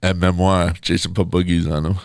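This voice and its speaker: A man's voice: low-pitched, little pitch movement, a little fast, gravelly, clean tone, no room sound. A man co-hosting a podcast in casual chat, reading reviews aloud with a wry, teasing manner. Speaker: podcast co-host, promoter.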